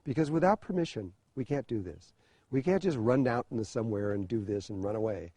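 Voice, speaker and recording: A man's voice: mid-range voice, animated, a little fast, warm tone, husky, dry recording. An older man from the USA, a spiritual teacher, tells a personal story in a hesitant way, full of fillers and restarts and with the odd chuckle. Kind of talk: storytelling talk.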